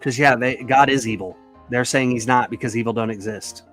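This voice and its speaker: A man's voice: medium pitch, fairly even intonation, a little fast, over music. A man arguing his point in a live debate, blunt and insistent. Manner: blunt, insistent, explains at length. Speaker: debate caller. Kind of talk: argumentative debate.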